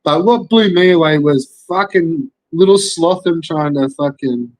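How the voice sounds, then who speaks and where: A man's voice: on the high side, unhurried, dry recording, poor audio. An Australian man, a young adult, ranting in casual commentary, swearing constantly and rambling through rhetorical questions. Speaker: commentary streamer.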